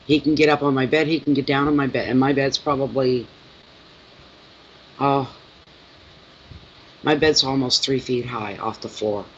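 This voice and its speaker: A middle-aged man chatting with his viewers from home, telling stories in a lively, rambling way. His pitch sits in a middle range. The recording is a little dull and muffled, with faint noise underneath. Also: moderate pace, pauses often. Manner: chatty, animated storytelling. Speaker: tarot reader and channel host. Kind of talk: casual chat with viewers.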